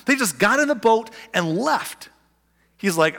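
A male pastor preaching in a casual, animated way, cracking jokes and acting out the people in his story. His voice sits a little high and rings out with a long hall reverb. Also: a little slow, gravelly. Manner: animated, joking, acts out quotes. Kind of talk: conversational sermon.

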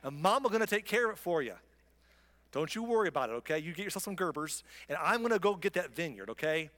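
A man's voice: fairly high pitch, lively intonation, quick pace, pushed and bright, in a large hall. A man voicing a queen who coddles and mocks her sulking husband like a baby. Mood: coddling, mocking.

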